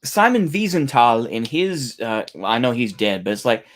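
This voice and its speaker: A man's voice: medium pitch, very animated, normal speed. A man giving heated, profane reaction commentary, incredulous and swearing often.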